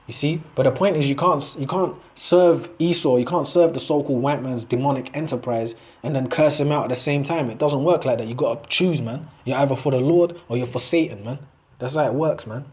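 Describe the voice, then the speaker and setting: A man's voice: mid-range voice, darkish tone. A man preaching in a loose, conversational way, reading scripture aloud and often ending lines with "man". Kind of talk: casual street-style preaching with scripture reading.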